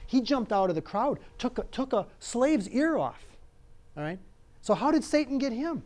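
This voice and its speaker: A man's voice: on the high side, a little mellow. A pastor preaching a conversational sermon, emphatic and repeating phrases as he asks his listeners "all right?".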